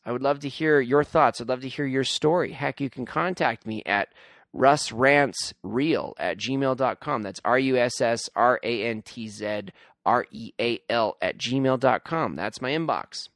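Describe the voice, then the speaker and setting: A man's voice: mid-range voice, no room sound, clean studio sound. Tired, earnest podcast host man. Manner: earnest, rambling, heartfelt. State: tired, groggy voice. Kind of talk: solo podcast monologue.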